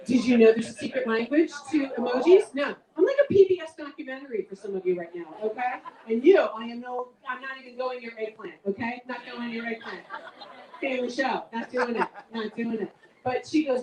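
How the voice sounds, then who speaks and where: High-voiced woman comic in an echoey room. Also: normal speed, warm tone, distant mic. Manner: chatty, self-mocking, big swings in pitch. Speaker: stand-up comedian. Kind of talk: stand-up comedy set. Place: event room with a live audience.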